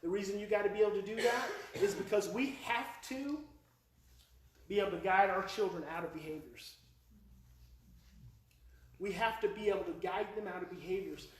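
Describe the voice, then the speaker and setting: At a live parenting workshop in a presentation hall, a man in his forties with an Oklahoma accent tells animated, emotional stories, repeating his key points. His voice is high for a man, moves at normal speed, and pauses often. Distance from the mic and the roomy space make him sound echoey and a bit remote over a faint hiss.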